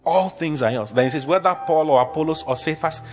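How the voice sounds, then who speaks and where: A man's voice: a little high, fast talker, soft background music. A man preaching a sermon with emphatic, repetitive declarations, leading the congregation in call-and-response.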